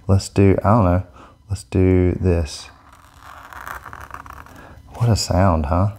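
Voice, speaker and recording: A man hosting a casual product demo vlog, talking in an excitable, gushing way into a set-up microphone. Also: low voice, moderate pace, pauses often. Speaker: airbrush artist demonstrating markers.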